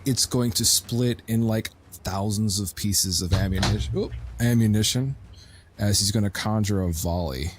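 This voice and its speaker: A man's voice: fairly low pitch, normal speed, a little hiss or hum. A man casually explaining his moves as a player in a tabletop game.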